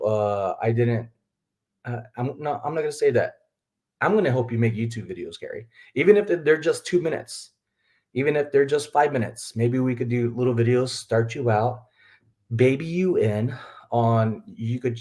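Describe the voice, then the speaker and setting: A middle-aged Texan reseller hosts a casual live stream, chatting and rambling in a mid-range, slightly mellow voice. He laughs often and talks to his viewers as if they were folks he knows.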